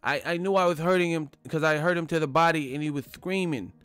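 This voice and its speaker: A man putting on a high, soft, lisping voice as an impression of a famous boxer, for a comic bit in a casual chat. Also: fast talker, clean tone, no room sound, lightly acted. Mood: boastful.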